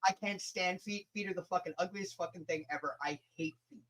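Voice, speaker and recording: A woman co-hosting a casual livestream chat, loud and profane, teasing and laughing often. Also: fairly low pitch, a little fast. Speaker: livestream co-host.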